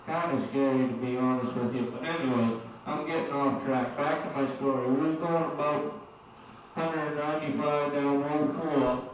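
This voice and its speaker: A man's voice: medium pitch, fairly even intonation, normal speed. A man doing a stand-up set, rambling and profane, laughing at his own jokes. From Maine. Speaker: stand-up comedian. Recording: echoey room, distant mic, faint noise.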